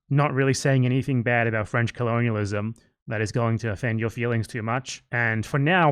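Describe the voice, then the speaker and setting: A man satirically voicing a left-wing political coalition, wheedling and deadpan. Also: medium pitch, smooth, lightly acted.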